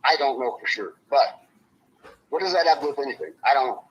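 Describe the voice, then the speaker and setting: A man's voice: mid-range voice, lively intonation, quick pace, a bit bright, muffled recording, slight background noise. A man speaking as an interview guest, blunt and swearing freely, his voice rising when he gets upset. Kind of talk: emotional interview on a live stream.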